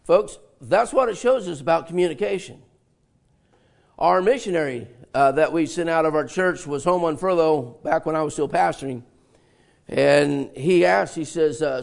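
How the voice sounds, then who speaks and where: Older preacher guy, kinda high gravelly voice, folksy, keeps asking the church for answers. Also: normal speed. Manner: interactive, asks congregation and repeats answers; folksy storytelling with laughs. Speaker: pastor. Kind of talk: sermon.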